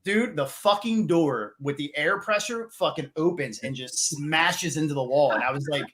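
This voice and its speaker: A man guesting on a podcast, his voice a little high and his tone bright and forceful. He trades crude jokes with plenty of laughter. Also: measured pace. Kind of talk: casual chat.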